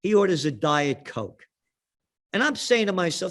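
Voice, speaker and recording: New man hosting, ranting monologue, combative, lively pitch, slightly high voice. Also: moderate pace. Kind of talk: heated monologue and storytelling.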